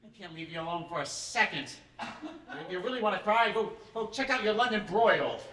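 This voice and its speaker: A man's voice: sits high, expressive, normal speed, bright, forceful tone. A man acting a blunt, joking, exasperated middle-aged man in a community stage play, heard from far off. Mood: breezy. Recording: echoey theatre from far off with audience laughter.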